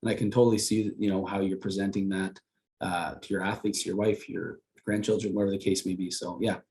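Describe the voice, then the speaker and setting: Low-voiced jokey male podcast host. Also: flat delivery, brisk, darkish tone. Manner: jokey, enthusiastic, asks questions. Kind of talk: casual podcast conversation.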